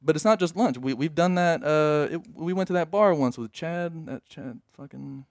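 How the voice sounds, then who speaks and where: A man co-hosting a casual podcast, telling rambling stories in an excitable way and swearing a lot. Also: a little high, normal speed, dry recording, clean studio sound. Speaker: podcast co-host.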